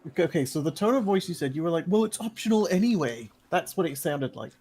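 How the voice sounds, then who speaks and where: A man's voice: a little high, quick pace, darkish tone, slightly rough. A man streaming a video game, chatting casually, explaining at length and laughing often. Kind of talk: casual chat while gaming.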